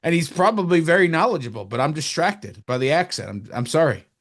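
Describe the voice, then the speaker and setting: A man from New Jersey co-hosting a sports podcast, talking casually and fast. He rambles and gets animated, his voice leaping up when he mocks someone. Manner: animated, rambling, jumps up in pitch when mocking. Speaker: podcast co-host.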